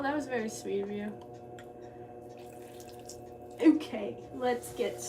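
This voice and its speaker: A woman's voice: fairly high pitch, moderate pace, hardly any pauses, over music. A woman in her twenties chatting casually on a pottery livestream, thanking viewers as she works. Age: 20s.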